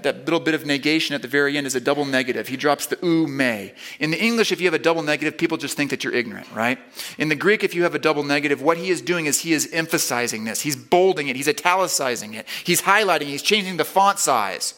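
A man preaches a sermon at a fast clip, speaking emphatically as he builds to loud, repeated stresses before dropping low and quiet.

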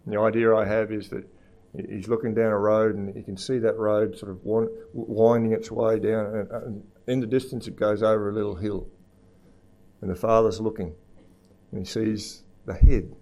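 A man preaching a sermon, moving between hushed, low passages and raised, fervent emphasis, often repeating words as he goes. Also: creaky. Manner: repeats words while searching for the next phrase.

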